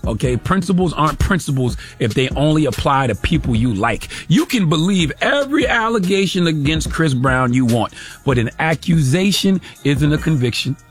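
A man's voice: fairly high pitch, animated, normal speed, faint music behind. A man hosting a show, delivering a sarcastic, emphatic commentary monologue that keeps driving points home with "okay?". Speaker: radio show host.

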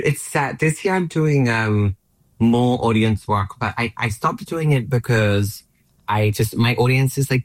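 A man's voice: fairly low pitch, dry recording. A man from Australia in his late thirties, a comedian guest, rambling in a self-deprecating way with many fillers. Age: late 30s. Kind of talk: casual chat.

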